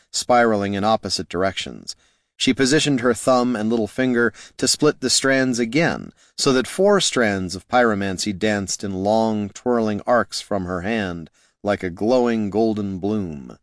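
A man reading fantasy fiction aloud in a steady, measured storytelling voice. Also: fairly low pitch, no room sound, clean studio sound. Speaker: audiobook narrator. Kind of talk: scripted fantasy narration.

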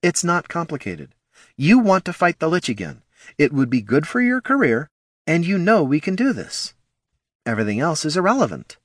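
A man's voice: fairly high pitch, wildly swooping pitch, moderate pace, no echo, clean studio sound, pitched above the performer's own voice. A man voicing a confident female elf ranger who coaxes and persuades. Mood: persuasive. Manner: coaxing, persuasive, sure of herself.

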